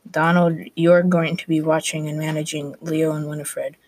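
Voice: mid-range voice, little pitch movement, moderate pace, no room sound, close to an everyday voice, rough recording. A student reading the lines of a worried medieval merchant father aloud, in a plain voice with small restarts. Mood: instructing. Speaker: student reader. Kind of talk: reading a class story aloud.

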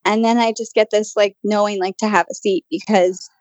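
A woman co-hosting a casual podcast, telling a story in an animated way, full of "like" fillers and the odd swear. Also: medium pitch, fairly quick, dry recording. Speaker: podcast co-host and channel. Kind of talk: casual chat. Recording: dull, dry, lo-fi sound.

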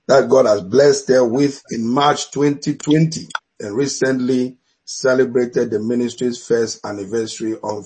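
Man, African accent, middle-aged, husky, bishop host, chuckling, warm blessings. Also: medium pitch, low-quality recording. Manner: laughs often, blesses guests repeatedly. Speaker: bishop, online talk show host. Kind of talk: hosting a church video-call talk.

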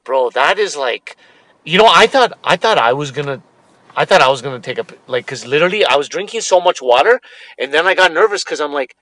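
A man co-hosting a casual podcast with a high, very lively voice that swoops as he exclaims and laughs loudly. His tone is bright and the recording is close and dry. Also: fairly quick, dry recording, poor audio. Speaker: podcast co-host.

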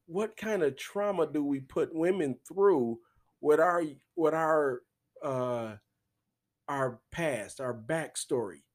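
A man's voice: fairly high pitch, takes it slowly. A man hosting a comedic solo podcast, rambling and swearing as he laughs through his own words. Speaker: podcast host.

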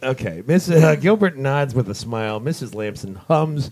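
A man's voice: mid-range voice, expressive, moderate pace, a little mellow. Casual man reading stage directions. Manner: reads stage directions with fillers and side jokes. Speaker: script narrator. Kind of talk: casual comedic table read.

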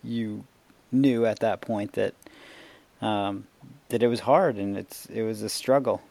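A man's voice: lowish voice, steady tone, unhurried, gravelly, dark tone, no room sound. A man interviewing a guest in casual conversation, prompting with questions and laughing along.

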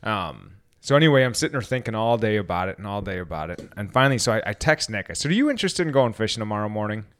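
A podcast co-host with a fairly low voice talks fast, with few pauses, as he tells a story in casual conversation. He is an animated storyteller who acts out the quotes.

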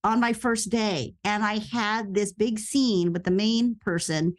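A woman guest tells her story on an interview podcast. She talks quickly and with plenty of life, and she acts out the people she quotes. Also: mid-range voice. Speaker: actress and radio host guest.

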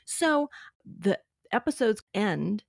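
A woman's voice: medium pitch, very animated, slow, vocal fry, no echo, studio quality. Chatty woman with frequent laughs. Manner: chatty, laughs often, acts out quotes. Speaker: podcast co-host. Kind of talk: casual chat recapping a TV show.

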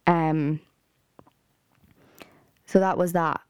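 Young female podcast host, low-ish register, dry close sound; heated, sweary, filler-heavy rant. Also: steady tone, very slow, darkish tone, clear, resonant tone, dry recording.

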